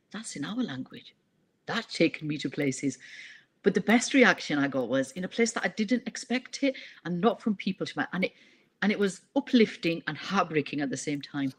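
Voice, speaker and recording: A woman, a poet and writing teacher, reading her poem and telling animated stories in a radio interview. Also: deep voice, breathy edge. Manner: animated storytelling, mixes languages.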